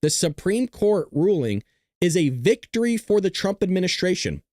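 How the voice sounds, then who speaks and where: A male host of a live talk show reads headlines and mocks them. His voice sits high for a man, and the sound is dry and close with no room around it. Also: very animated, moderate pace, darkish tone, no echo. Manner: sarcastic, mocking, reads news aloud.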